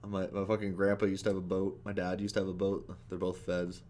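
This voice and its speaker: Low-voiced man riffing casually with swearing. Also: completely flat delivery, brisk, a little mellow, slight background noise. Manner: laid-back, profane, laughing. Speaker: reaction video host. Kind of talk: casual reaction commentary.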